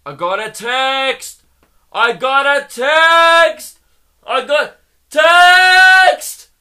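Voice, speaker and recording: A man playing a shrieking, overexcited reality-show contestant with a screeching, drawn-out voice. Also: very high-pitched, bright, forceful tone, voice pushed up, heavily acted. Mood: shrieking excited.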